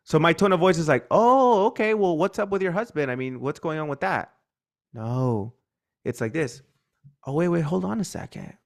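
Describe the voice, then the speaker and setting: A man coaching sales in an online training, talking energetically and acting out sample dialogue from calls. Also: medium pitch.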